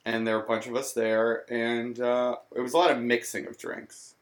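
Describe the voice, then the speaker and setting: A man's voice: medium pitch, level tone, moderate pace. A man co-hosting a podcast, chatting casually with dry jokes. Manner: dry, joking. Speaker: podcast co-host. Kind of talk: casual chat.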